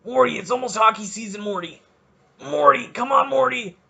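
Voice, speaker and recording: A man's voice: very high voice, normal speed, gravelly, pushed and bright, slightly rough, voice pushed up, full character voice. A man voicing a cranky old male cartoon scientist who stammers and keeps nagging, repeating the other's name. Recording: dull lo-fi recording.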